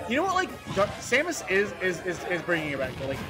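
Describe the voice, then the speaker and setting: A man doing live tournament commentary in a chatty, halting way, repeating words and stacking fillers. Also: sits high, huge pitch swings. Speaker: esports commentator. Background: music.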